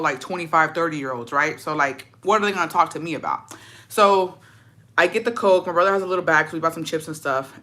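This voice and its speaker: A young woman casually telling a story in a profane, slangy, animated way, dropping in Spanish phrases. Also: on the low side. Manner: animated, dramatic retelling. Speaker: storytime vlogger.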